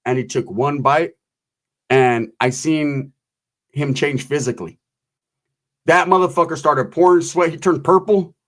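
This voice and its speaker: Profane, animated male storyteller. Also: a little high, unhurried, long pauses. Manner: animated, keeps tagging lines with "right?". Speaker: comedic storyteller. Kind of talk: profane comedic anecdote.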